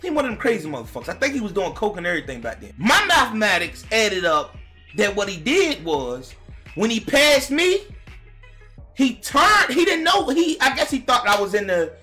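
Animated, cussing male storyteller. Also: sits high, moderate pace, faint music behind. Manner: animated, profane, talks straight to viewers, bursts into shouts. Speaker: vlogger telling a personal story. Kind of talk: casual storytime monologue to viewers.

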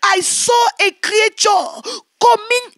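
A woman evangelist telling a testimony in fervent preaching, shouting her prayers and recounting events vividly. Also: very high voice, fairly even intonation, takes it slowly, no room sound, studio quality.

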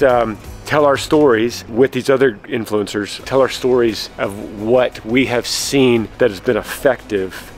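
A man's voice: on the low side, rough recording. A man hosting a family vlog, chatting casually and a little out of breath, often restarting his sentences. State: slightly out of breath. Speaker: vlog host and preacher.

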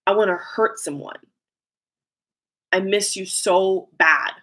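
Remorseful lover begging to be taken back as a woman voices it, blunt and emotional, channeled message, mid-pitched. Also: slow, fairly bright tone. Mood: pleading. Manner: pleading, blunt, emotional first-person outpouring. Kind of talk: channeled message spoken aloud.

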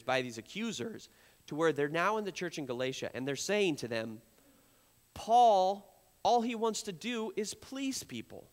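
A man preaching from a church platform, his voice sitting a bit high for a man. He builds his points in emphatic repetitions and mimics the accusers in a sharper tone. The sound carries a long hall reverb. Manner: animated preaching, acts out accusers in a raised voice. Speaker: pastor. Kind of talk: sermon. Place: church sanctuary.

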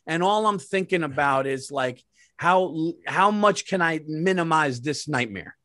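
A man's voice: on the high side, lively intonation, measured pace, pushed and bright, no echo, studio quality. A man hosting a podcast, telling a comedic story with profanity and acted-out quotes. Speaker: podcast host.

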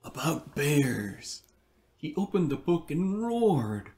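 A man reading a picture book aloud in an unhurried, playful way, with casual asides. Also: on the high side, very animated, mellow. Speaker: storyteller.

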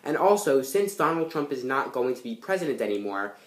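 A man's voice: mid-range voice, big pitch swings, brisk. A young man talking casually to camera as a comedy channel creator, upbeat and chatty. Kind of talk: casual vlog talk to camera. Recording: roomy echoing room.

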